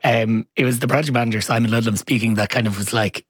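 Husky man in rambling casual chat. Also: medium pitch, steady tone, quick pace, dry recording. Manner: rambling, hesitant, self-correcting. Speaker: podcast co-host.

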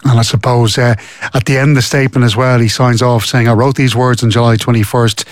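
An Irish man co-hosting a podcast, telling stories in a chatty way and reading sports news in a steady run. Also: medium pitch, fast talker, no echo, clean studio sound. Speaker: podcast co-host.

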